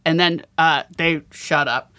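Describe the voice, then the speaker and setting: A woman's voice: low-pitched, steady tone, unhurried, pushed and bright. A woman in casual conversation who laughs often and acts out the voices in her stories. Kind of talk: casual chat.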